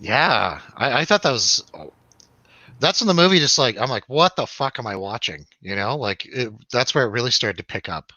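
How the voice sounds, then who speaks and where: A man's voice: mid-range voice, expressive, normal speed, pushed and bright, no echo, highs cut off. A man hosting a radio show, telling a rambling, laughing, swearing story in a casual chat.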